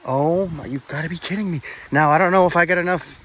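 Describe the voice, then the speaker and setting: A man's voice: fairly high pitch, fast talker, fairly bright tone, slight background noise. A man narrating a walking vlog outdoors on his phone, exclaiming in awe, now and then swearing and out of breath. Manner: exclaiming, awestruck, swears, talks to viewers. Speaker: vlogger exploring old bridges. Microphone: phone camera.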